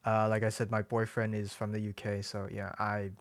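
Young man, soft hedging speech, fairly low voice, dry close sound. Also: completely flat delivery, normal speed, no room sound. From China. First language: Chinese. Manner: soft-spoken, hedging, laughs often. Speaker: podcast guest, artist. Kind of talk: casual interview chat.

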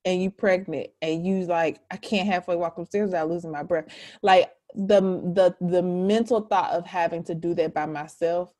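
A woman with a slightly low-pitched voice hosts a casual conversation. She is warm and affirming toward her guest. She becomes animated when she acts out quotes from other people. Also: moderate pace. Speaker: podcast host.

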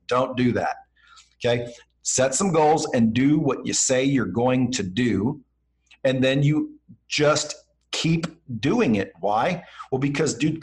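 A man's voice: medium pitch, rough recording. A man as a podcast guest giving blunt, slangy motivational advice and acting out bits of dialogue as he talks. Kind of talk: motivational advice in casual conversation.

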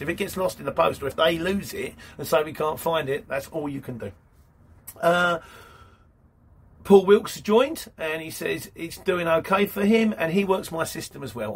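A man's voice: on the high side, breathy edge. A man hosting his channel, reading viewer comments aloud and answering them in a rambling, matey way. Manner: chatty, rambling, says mate. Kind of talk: casual live-stream chat.

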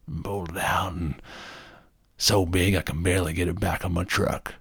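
Gravel-voiced man rambling. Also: low voice, moderate pace, no echo, studio quality. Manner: rambling, self-deprecating, animated. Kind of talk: casual storytelling monologue.

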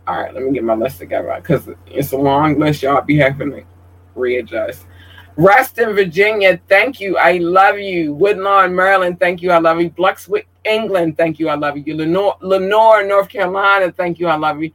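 A man's voice: sits high, moderate pace, rough recording. Outspoken, emotional man livestreaming. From Georgia, USA. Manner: emotional, outspoken, profane, animated. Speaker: livestream host. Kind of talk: casual livestream chat.

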